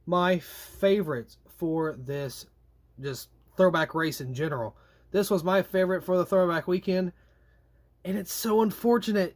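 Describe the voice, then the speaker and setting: A young man reviewing diecast race cars in a chatty, animated way, with slangy asides and drawn-out complaints. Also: high voice. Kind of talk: casual product review.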